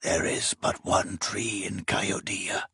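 A man voicing an old male seer with a raspy, hushed whisper, as if possessed. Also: lowish voice, fairly even intonation, takes it slowly, no echo, clean studio sound, heavily acted. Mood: eerie. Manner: hushed, eerie, breathy.

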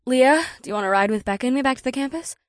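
A man voicing a practical young college woman, brisk and matter-of-fact. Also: very high-pitched, no room sound, clean studio sound, pitched above the performer's own voice.

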